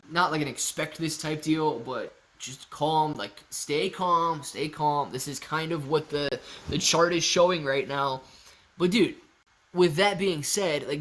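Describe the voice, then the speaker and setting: Upbeat, chatty man, a bit high. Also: fairly bright tone. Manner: casual and upbeat, reads chat messages aloud and answers them. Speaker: livestream host answering viewer chat. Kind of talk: casual live stock-market commentary. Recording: home livestream setup.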